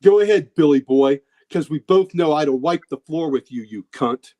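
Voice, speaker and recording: A man's voice: a little high, normal speed, dark tone, voice pushed up, close to an everyday voice. A man voicing a bitter, foul-mouthed old father crippled by a stroke, snarling and taunting.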